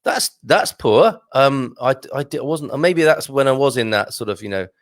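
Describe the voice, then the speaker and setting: Speaking at a normal speed, a man with an expressive, medium-pitched voice reads viewer comments on his morning live stream. He jokes and chats casually from a home studio equipped with a green screen, and the recording is dry.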